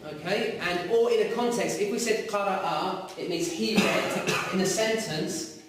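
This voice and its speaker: A man teaching a class, lively and quizzing his students. His voice sits fairly high for a man. It is recorded from a distance in a very echoey room. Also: a little slow. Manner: lively, asks students questions. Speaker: Arabic teacher. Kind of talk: classroom lecture. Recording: echoey room, mic far off.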